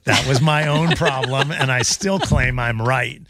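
A man's voice: mid-range voice, measured pace, pushed and bright, dry recording. A man hosting a radio show, bantering with wry, dry jokes.

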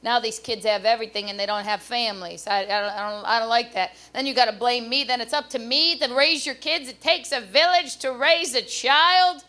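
A woman doing a stand-up comedy routine on a club stage with a handheld mic, brash and loud with punchy delivery. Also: a little high, brisk, few pauses.

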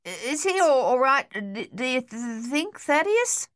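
A woman's voice: fairly high pitch, lively intonation, unhurried, a bit bright, no echo, studio quality, voice pushed up. A woman voicing a young male First World War soldier who stutters and trips over his words. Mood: anxious.

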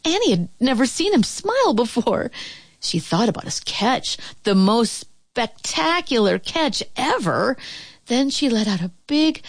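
A woman reading a children's storybook aloud in an expressive voice that rises and falls with the action. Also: a little high, a little slow, no echo. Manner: expressive, rising and falling with the action.

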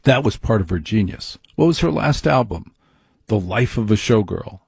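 A man rambling through a comic rant, wandering from one gripe to the next in an easy conversational tone. His voice has a husky edge, and the recording is dry and close with no room sound. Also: lowish voice, lively intonation, moderate pace, a little mellow, dry recording. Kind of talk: comedic rant monologue.

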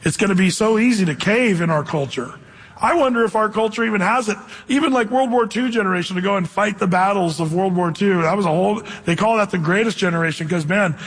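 A man preaching a conversational sermon, slowing down to read scripture and acting out quotes. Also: high voice, fairly bright tone, husky, big-room sound. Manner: conversational, reads scripture slowly, acts out quotes. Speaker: pastor.

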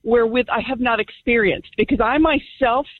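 A woman's voice: fairly high pitch, normal speed. A woman calling in to a radio talk show. She speaks with passion and conviction, sharing her own story. Her voice comes through a tinny phone line. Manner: impassioned, personal testimony. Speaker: caller.

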